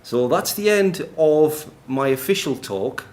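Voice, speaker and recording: A man's voice: fairly high pitch, animated, slow, a little mellow. A man speaking at a conference, giving a chatty live tech demo in a noisy, echoey room. He jokes, laughs often and fills gaps with ums.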